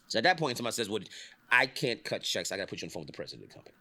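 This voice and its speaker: A middle-aged man telling a casual industry story, swearing, laughing often and acting out the people he quotes. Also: very fast. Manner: animated, swearing, acts out quotes with big pitch jumps, laughs often. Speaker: podcast host telling industry stories.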